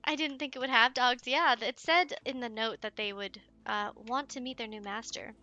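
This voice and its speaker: A woman giving let's play commentary, excitable and giggly, chatting to her viewers and cooing at in-game pets. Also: fairly high pitch, normal speed, dull audio.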